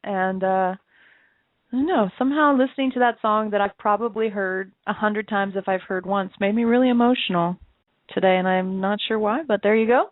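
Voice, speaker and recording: A woman's voice: mid-range voice, fairly quick, dry recording. A woman co-hosting a talk show, telling personal stories in an easy, musing way and laughing often. Her voice comes through a thin, phone-like line. The sound is close and dry, with no room around it. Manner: reflective storytelling with frequent laughs. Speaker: co-host of an internet radio show. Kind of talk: casual chat. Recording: tinny phone-line audio.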